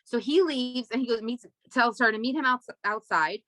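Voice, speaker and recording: This young adult woman, a comedy writer and podcast guest, tells a wild story in loose chat at a moderate pace, with no room sound. She's animated and freely profane, leaping up high and loud when she quotes people.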